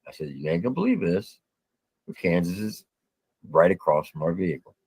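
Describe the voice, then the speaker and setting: A man's voice: sits low, big pitch swings, fairly quick, a little mellow, breathy edge, dry recording. A man telling a story in casual talk, recounting events step by step in a blunt, drawling way. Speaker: storyteller guest.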